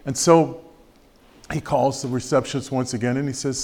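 A man addressing an audience, telling a joke in a casual, halting way with fillers. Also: medium pitch, fairly even intonation, mellow. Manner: conversational, halting with fillers, acts out the characters. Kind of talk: storytelling a joke.

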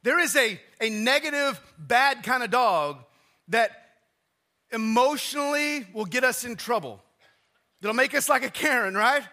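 A man preaching a casual, conversational sermon in a church, often restarting phrases and dropping low and quiet for emphasis. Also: lively intonation, measured pace. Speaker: pastor.

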